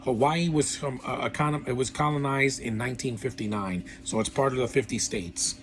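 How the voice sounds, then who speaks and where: A man's voice: medium pitch, moderate pace, soft background music. A man giving a casual, rambling film review with blunt opinions and lots of fillers. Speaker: movie reviewer.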